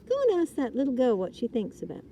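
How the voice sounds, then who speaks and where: A woman voicing a gentle, patient mother barn owl in a storybook reading. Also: a little high, sing-song, fast talker, a little hiss or hum. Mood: coaxing. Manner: gentle, coaxing.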